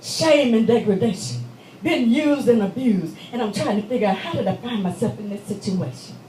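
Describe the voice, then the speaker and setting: A woman's voice: on the high side, lively intonation, normal speed, mellow, far from the mic, a little hiss or hum. Woman telling a dramatic story in an echoey hall. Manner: emphatic, conversational storytelling. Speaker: stage performer. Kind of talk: dramatic monologue. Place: church meeting room.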